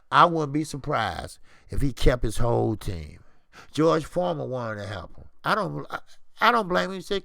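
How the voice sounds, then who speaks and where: A man's voice: sits high, gravelly, dry recording, studio quality. A man hosting a boxing stream, ranting profanely and repeating himself. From Chicago. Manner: profane, animated, repeats words. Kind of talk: ranting commentary.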